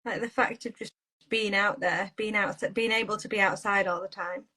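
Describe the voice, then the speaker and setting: Brief: woman podcast guest, lively and talkative, mid-pitched. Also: moderate pace, poor audio. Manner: bubbly, talkative, laughs often. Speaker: podcast guest, garden designer. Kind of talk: casual chat.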